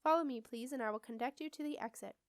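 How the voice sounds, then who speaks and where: A woman's voice: high voice, fast talker, dry recording, clean studio sound, lightly acted. A woman voicing a small, fussy spider-like creature that speaks like a prim, courteous tour guide.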